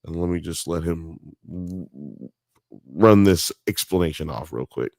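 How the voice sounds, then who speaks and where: A man's voice: deep voice, unhurried, vocal fry, a little mellow, no room sound, clean studio sound. A man from Alabama with a Southern accent, hosting a podcast and rambling casually through profane, digressive commentary on a documentary. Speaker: podcast host.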